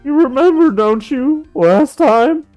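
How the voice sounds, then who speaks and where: Brief: woman voicing a goofy young man, stammers and gushes, high-pitched. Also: expressive, takes it slowly, dark tone, no echo, soft background music, rough recording. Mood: flustered. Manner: stammering and gushing. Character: goofy, flustered young man, lovestruck and dramatic. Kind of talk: fan dub of a game.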